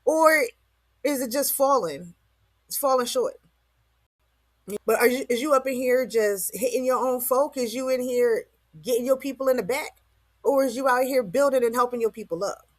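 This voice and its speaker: A woman's voice: high-pitched, moderate pace, no room sound. A woman vlogger giving a casual motivational monologue, slangy and rambling, full of rhetorical questions.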